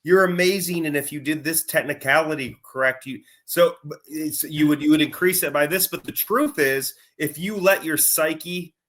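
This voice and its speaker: A man's voice: fairly high pitch, moderate pace, a bit bright. A man co-hosting a casual talk show, explaining his argument point by point. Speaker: co-host. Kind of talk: casual conversational chat.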